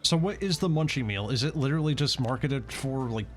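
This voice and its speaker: A man's voice: mid-range voice, expressive, brisk, faint music behind. A man from Washington state casually chatting and swearing on a gameplay stream, often repeating words. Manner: profane, rambling, repeats words.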